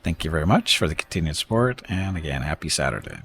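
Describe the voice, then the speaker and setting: A man's voice: extremely low pitch, very animated, quick pace, gravelly, a bit bright. A man casually commenting on his space strategy game during a live stream, rambling, thanking viewers and joking about word pronunciations.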